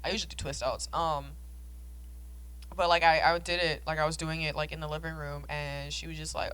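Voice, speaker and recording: A woman in her twenties from South Florida co-hosts a casual podcast chat. Her voice sits low but comes out bright and forceful. She tells animated stories, swearing freely and filling her sentences with "like.". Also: fairly quick, clean tone, rough recording. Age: 20s. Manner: animated storytelling, heavy swearing and "like" fillers. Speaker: podcast co-host.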